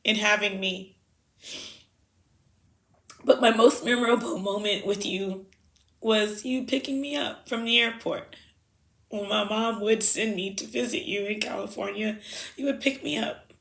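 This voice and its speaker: Woman with a gravelly, emotional voice. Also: mid-range voice. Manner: halting and emotional, with soft pauses and fillers. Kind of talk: heartfelt spoken farewell letters. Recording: roomy echo.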